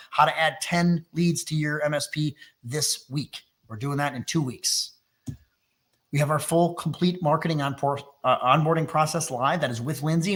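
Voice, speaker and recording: Upbeat Texan sales trainer. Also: male voice, fairly high pitch, fairly bright tone. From Texas. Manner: fast, enthusiastic salesy delivery. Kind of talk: live sales webinar pitch.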